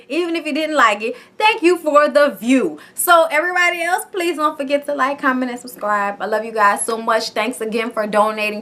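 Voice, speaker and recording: Brief: high, bright female vlogger, loose and profane in her TV recap. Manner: profane, chatty, tags lines with "okay?". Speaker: TV show reviewer. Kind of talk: casual reality-show recap.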